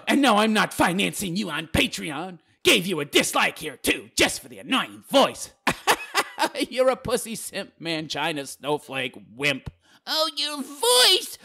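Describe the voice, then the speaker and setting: Animated sarcastic man ranting. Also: sits high. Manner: sarcastic, mocking rant. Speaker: YouTube commentator. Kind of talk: reacting to viewer comments.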